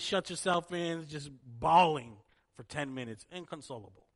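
Animated male preacher telling a story. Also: fairly high pitch, normal speed, gravelly. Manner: animated storyteller, swelling to emphatic peaks. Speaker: pastor. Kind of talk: sermon with storytelling and prayer.

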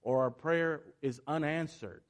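A man teaching from scripture. He reads the passages quietly and evenly, then explains them with earnest emphasis. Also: fairly high pitch, unhurried. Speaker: Bible teacher.

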